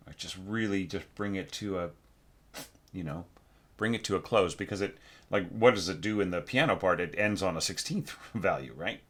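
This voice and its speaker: A man teaching orchestration, giving a relaxed score critique full of fillers and self-corrections, now and then singing phrases on nonsense syllables. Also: deep voice, normal speed. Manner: relaxed, thinks aloud, sings phrases with syllables.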